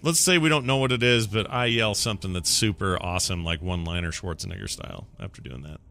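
A man playing a tabletop game, rambling excitedly as he describes his character's actions. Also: sits low, fast talker, slight background noise. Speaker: player.

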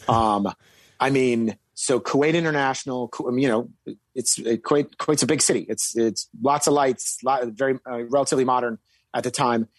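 A man's voice: mid-range voice, no room sound. A man telling a story from his military service, rambling with many fillers and restarts, and suddenly stressing key words. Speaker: guest recounting military service. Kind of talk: casual storytelling.

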